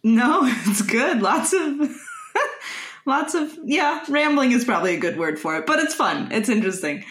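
A woman's voice: a little high, big pitch swings, unhurried, fairly bright tone. Laughing woman interviewer in an echoey room. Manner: laughs often, brief encouraging replies. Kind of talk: casual interview.

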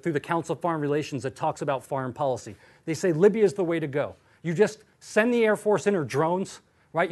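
A man lecturing in an animated, sarcastic way, often acting out what others said. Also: sits high. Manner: animated, sarcastic, acts out quotes.

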